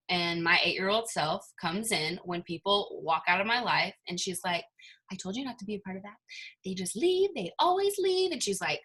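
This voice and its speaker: Bright-voiced woman giving a chatty team talk. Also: medium pitch. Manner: chatty, many likes and rhetorical questions. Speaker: team leader. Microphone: video call.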